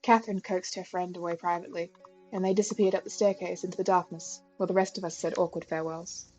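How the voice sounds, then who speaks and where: A woman streamer reading a visual novel's first-person narration aloud at a steady pace, with small stumbles. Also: on the low side, quick pace, faint music behind, rough recording.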